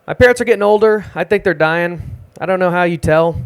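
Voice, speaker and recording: A young man doing a self-deprecating, deadpan stand-up set at an open mic in a small music club. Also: sits high, brisk, gravelly, clean tone. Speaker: stand-up comedian.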